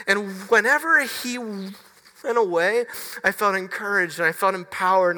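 A male pastor preaching a sermon with a personal story, earnest and halting, often restarting his words. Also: high voice, bright, forceful tone. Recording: reverberant hall.

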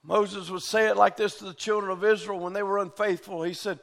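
High-voiced man preaching. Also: little pitch movement, a little fast, vocal fry, few pauses. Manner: fervent preaching, often shouting. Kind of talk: sermon.

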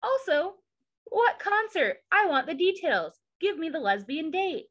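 A woman with a Southern accent co-hosting a casual recap podcast, sarcastic and animated, slipping into impressions. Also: very high voice, measured pace. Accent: Southern American. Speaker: podcast co-host.

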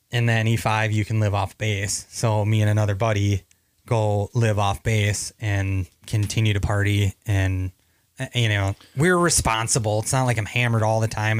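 A man's voice: fairly low pitch, no room sound, clean studio sound. A man from Minnesota, a Navy veteran guest, telling stories casually with many fillers and restarts. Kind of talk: casual storytelling interview.

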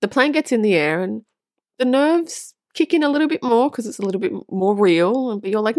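A woman's voice: medium pitch, lively intonation, brisk, dry recording, clean studio sound. A woman vlogging to her viewers in a casual, earnest monologue, repeating phrases for emphasis and swearing now and then. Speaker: spiritual vlogger on twin flames.

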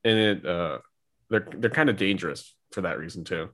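A man's voice: sits low, expressive, moderate pace, a bit bright. A young man co-hosting a podcast, talking casually and rambling with lots of filler words. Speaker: podcast co-host. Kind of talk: casual chat.

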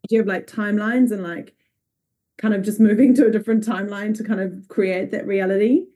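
A woman's voice: medium pitch, steady tone, brisk, warm tone. A woman asking questions on a group call in a candid, blunt way. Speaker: call participant. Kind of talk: casual conversation. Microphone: video call.

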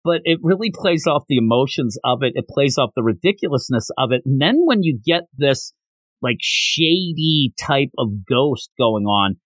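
Animated man reviewing manga. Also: medium pitch, no room sound. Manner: animated, retells scenes with fillers and laughs. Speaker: podcast host, manga reviewer. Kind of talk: casual review chat.

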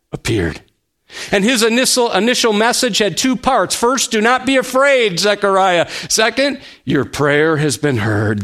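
A man preaching with a notably high-pitched voice. He delivers the sermon slowly and emphatically, leaning on key words and adding gentle humor. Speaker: pastor.

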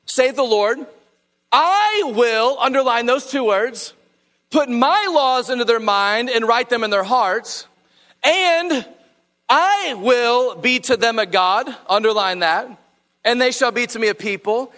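A man's voice: extremely high pitch, expressive, slow, bright, forceful tone. A man preaching a sermon, reading scripture aloud and urging listeners to underline key phrases. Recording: long hall reverb.

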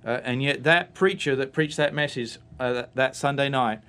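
A man's voice: mid-range voice, normal speed, fairly bright tone, smooth. Man telling his testimony. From Australia. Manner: storytelling, acts out voices in his anecdotes. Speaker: guest. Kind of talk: personal testimony in a church talk show.

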